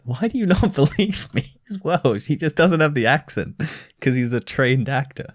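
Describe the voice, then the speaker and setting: Man, from Britain, podcast co-host, casual teasing chat, animated pitch. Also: no echo, studio quality. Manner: teasing, quick banter with laughs.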